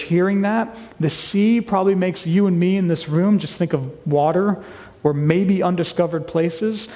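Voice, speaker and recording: Earnest pastor preaching in a reverberant hall. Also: male voice, sits high, mellow. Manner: earnest, repeats words, restarts often. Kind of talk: sermon. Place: church hall.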